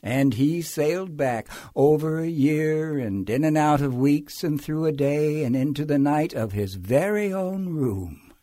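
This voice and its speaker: A man reading a children's picture book aloud, acting it out with big swings from loud calls to hushed drops. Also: fairly high pitch, lively intonation, measured pace, few pauses, dry recording. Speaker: storyteller.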